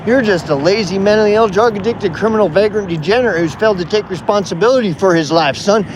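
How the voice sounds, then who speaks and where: Man doing a loud belligerent bar bully, high barking voice, insulting, drawling threats, traffic noise behind. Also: fast talker, close to an everyday voice. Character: blustering male bar worker, belligerent bully.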